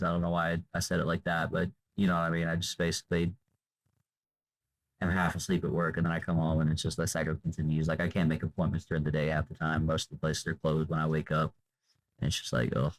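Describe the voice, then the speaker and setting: A drained young man talks quickly and in a monotone with a low pitch in an off-the-cuff vlog. The poor-audio monologue wanders loosely, full of fillers and trailing endings.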